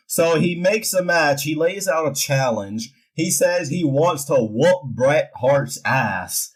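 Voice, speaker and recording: With a fairly high pitch, he takes his time and barely pauses as he recaps a wrestling show in an easygoing way. He hams it up, mimicking the wrestlers' lines for laughs, though the audio is poor and captured from a distance.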